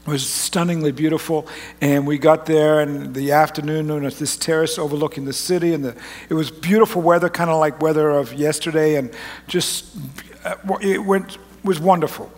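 A man preaches in a folksy, chatty way, breaking off and restarting as he tells a story. His voice sits a bit high for a man. The sound carries the long reverb of a large church auditorium. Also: steady tone, moderate pace, darkish tone. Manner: folksy, rambling, self-interrupting. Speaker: pastor. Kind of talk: sermon with personal story.

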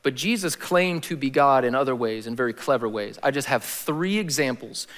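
A man giving a sermon as a pastor, in a casual, slangy style with animated emphasis. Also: medium pitch, normal speed, long reverb tail.

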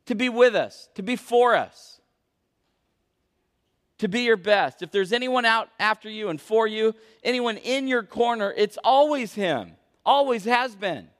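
A man's voice: high voice, measured pace. A young adult man preaching a sermon as a pastor, earnest and emphatic. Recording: echoey hall.

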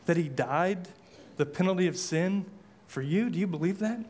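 A man's voice: high-pitched, moderate pace, a little mellow. A male pastor preaching a sermon, impassioned, with repeated rhetorical questions and casual asides.

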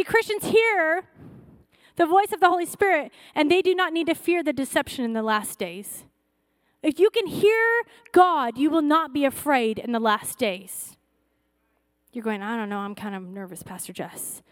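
High-pitched lady pastor preaching hard, all fired up, dry sound no room echo. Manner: fervent, exhorting with rising repeated calls. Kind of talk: sermon.

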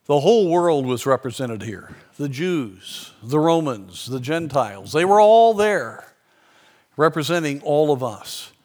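Male preacher, earnest storytelling delivery, a little higher-pitched than most men, slows for key points. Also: big pitch swings, darkish tone. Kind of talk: sermon.

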